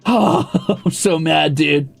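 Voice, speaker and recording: A man's voice: fairly high pitch, lively intonation, slow pace, vocal fry, slightly rough, faint music behind. A man streaming, ranting in an exasperated, profane and sarcastic way.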